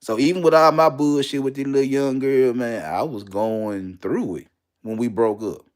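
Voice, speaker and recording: A man's voice: medium pitch, steady tone, moderate pace, a little mellow. A young man, telling a candid personal story bluntly and with lots of profanity, repeating lines for emphasis.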